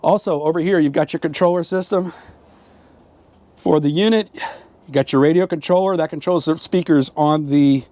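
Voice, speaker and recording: A man with a fairly high voice gives a relaxed, upbeat tour from inside a motorhome. He chats as he goes, pointing out details with lots of fillers. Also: normal speed, no room sound. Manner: chatty, upbeat, points things out with frequent fillers. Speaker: RV travel vlogger giving a tour. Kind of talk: casual walkthrough tour.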